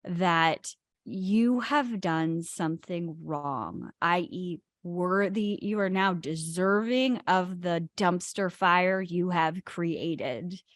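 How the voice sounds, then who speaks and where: A woman's voice: fairly low pitch, takes it slowly, no echo, studio quality. A woman co-hosting a spiritual talk show, stressing key words as she explains ideas. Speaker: podcast co-host.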